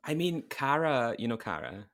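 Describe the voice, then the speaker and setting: A man co-hosting a podcast in casual chat, making wry, deadpan jokes and trailing off at the end of lines. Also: mid-range voice, normal speed. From Scotland. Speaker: podcast co-host.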